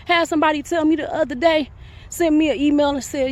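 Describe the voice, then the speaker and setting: A woman's voice: sits high, fast. A woman from Michigan vlogging outdoors, giving casual, upbeat encouragement to her viewers in a playful, preachy way. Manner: lively, preachy, playful, speaks to viewers as kings and queens. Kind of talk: casual motivational vlog. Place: outdoors in the sun.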